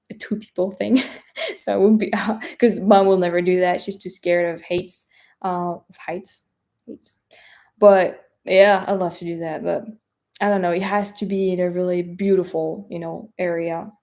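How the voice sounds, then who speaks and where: Her voice sits on the low side with little pitch movement, and she talks at a normal speed. A young French travel vlogger with a French accent, she reads viewer questions in a relaxed live stream chat, hesitant and filler-heavy, her asides trailing off softly.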